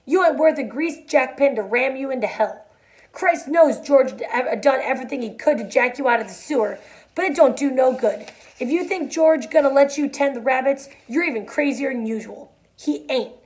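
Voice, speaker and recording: Woman voicing a giant scornful rabbit, taunting, mocking, slightly high. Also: expressive, moderate pace, a little mellow.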